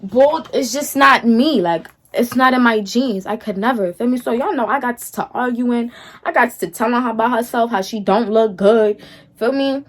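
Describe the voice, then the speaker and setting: A woman's voice: a little high, normal speed. Sassy slangy woman telling a story. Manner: slangy, talks straight to viewers, keeps asking "feel me?"; sassy and dismissive. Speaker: storytime vlogger. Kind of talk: casual storytelling to viewers.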